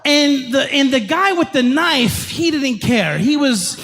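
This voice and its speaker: Shouting pastor in an echoey hall. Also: male voice, very high voice, unhurried, slight background noise. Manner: animated, shouting, comic storytelling. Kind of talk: sermon storytelling.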